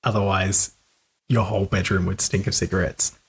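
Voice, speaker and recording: A man's voice: low-pitched, flat delivery, normal speed, creaky, breathy edge. A man co-hosting a casual film-review podcast, chatty, laughing often and restarting his sentences. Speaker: podcast co-host.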